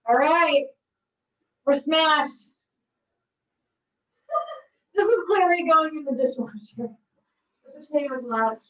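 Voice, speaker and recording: Woman, cooking class instructor, bubbly, encouraging, laughs a lot, slightly high voice, mic at a distance. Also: slow, pauses often, a bit bright. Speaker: recreation therapy cooking instructor. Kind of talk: live online cooking class.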